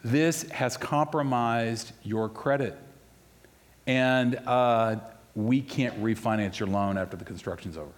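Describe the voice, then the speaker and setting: Conversational preacher in a reverberant church hall. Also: male voice, medium pitch, a little slow. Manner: storytelling, conversational, swings between loud and hushed. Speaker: pastor. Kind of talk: sermon.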